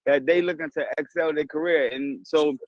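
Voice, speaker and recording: Ex-boxer guy asking questions, calm and chatty, kinda high voice, dull lo-fi sound. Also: normal speed, no echo. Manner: calm, reassuring and conversational. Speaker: interviewer and former boxer. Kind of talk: conversational interview. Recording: dull lo-fi audio.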